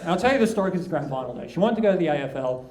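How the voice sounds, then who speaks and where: High-voiced Australian stand-up comic. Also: male voice, lively intonation, rapid-fire, a little mellow. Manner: crude, rambling, self-mocking storytelling. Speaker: stand-up comedian. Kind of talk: stand-up comedy set. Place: comedy club on stage. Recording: echoey club with crowd laughter. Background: audience laughing.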